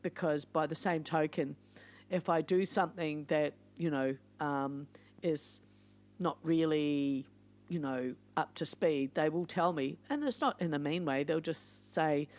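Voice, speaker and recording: A woman's voice: low-pitched, a little mellow. An older woman, hosting a podcast in a casual, reflective monologue. She is chatty and encouraging and drifts into playful asides. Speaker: podcast host.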